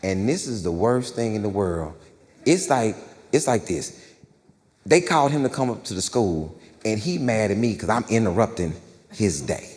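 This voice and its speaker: Male stand-up storyteller, low voice, slangy and conversational, handheld mic with long stage reverb. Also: big pitch swings, normal speed, darkish tone. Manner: loose, conversational, slangy, checks in with the crowd. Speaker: stand-up comedian.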